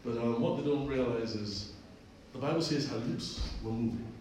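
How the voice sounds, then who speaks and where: A man's voice: mid-range voice, normal speed, darkish tone, a little hiss or hum. A man preaching a sermon, telling a personal story and repeating phrases for emphasis. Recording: echoey distant room recording.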